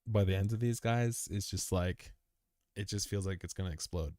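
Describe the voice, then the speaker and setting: A low, darkish male voice at a moderate pace, recorded at studio quality with no echo. He's a crypto live streamer at the tail end of a long, tiring session, casually fielding viewer comments, laid-back, chummy and rambling, calling people dude.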